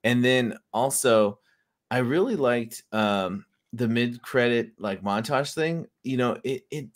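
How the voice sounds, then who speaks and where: A man's voice: medium pitch, slow. Earnest, reflective man co-host. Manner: reflective, earnest, hesitant restarts. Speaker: podcast co-host. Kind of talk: casual chat.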